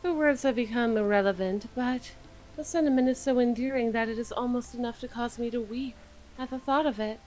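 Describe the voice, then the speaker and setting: A woman voicing a refined, wistful game character in a soft, hushed whispered role-play voice. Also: a little high, a little fast, soft background music, lightly acted, poor audio.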